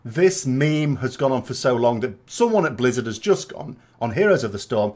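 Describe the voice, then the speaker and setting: A man's voice: mid-range voice, animated, normal speed, few pauses, darkish tone. A British man chatting casually as a gaming vlogger, reading out viewer comments and answering them with rambling asides and tag questions.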